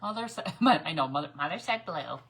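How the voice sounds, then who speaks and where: A woman's voice: deep voice, animated, a little fast, background noise. Chatty woman hosting a craft livestream. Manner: chatty, talks to viewers while painting, reads comments aloud.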